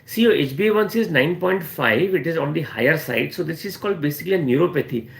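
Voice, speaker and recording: Gravelly Indian doctor teaching remedies. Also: male voice, on the high side, expressive, fast, a bit bright, reverberant. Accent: Indian English. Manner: repeats key phrases, frequent "you know" fillers. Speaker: homeopathy doctor. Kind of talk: live-stream teaching Q&A.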